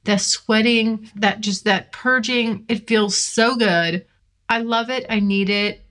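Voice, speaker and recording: This woman speaks slowly in a fairly high, somewhat bright voice. She hosts her own podcast from California and is filmed while recording a blunt, profane solo vent with laughter mixed in.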